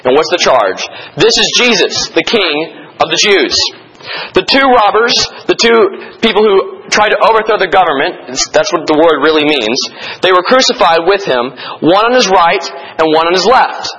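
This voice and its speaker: Male Bible study teacher, somewhat high and bright, a bit husky; directs the group to mark verses and asks rhetorical questions. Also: lively intonation, normal speed, dull audio. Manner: directive, tells listeners to underline and circle verses.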